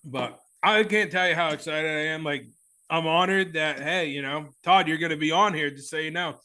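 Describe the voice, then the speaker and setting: A man with a Southern American twang hosting a casual podcast, excitable and rambling, laughing often. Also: on the high side, moderate pace, clear, resonant tone. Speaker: podcast host. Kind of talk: casual chat.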